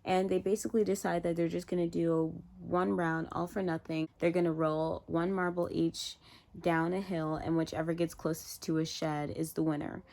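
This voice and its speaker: A woman with a somewhat low voice runs through a TV drama's plot in a casual vlog recap. She talks in a chatty, animated way, leaning on "like" and filler as she retells scenes. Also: normal speed, vocal fry. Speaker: TV show reviewer.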